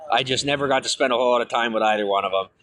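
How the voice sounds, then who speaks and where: A man's voice: mid-range voice, very fast, a bit bright, low-quality recording. A man streaming to viewers, telling long rambling personal stories full of fillers and restarts.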